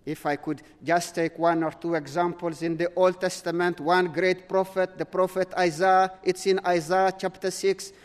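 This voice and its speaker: A man's voice: sits high, little pitch movement, normal speed, few pauses, long reverb tail. A man preaching a sermon, earnest, often repeating words and restarting his sentences.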